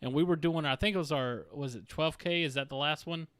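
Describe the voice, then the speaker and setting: A man hosting a casual podcast, telling his own basic-training story in a relaxed way. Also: fairly high pitch, a little fast, clean tone, dry recording. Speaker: podcast host. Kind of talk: casual chat over beers.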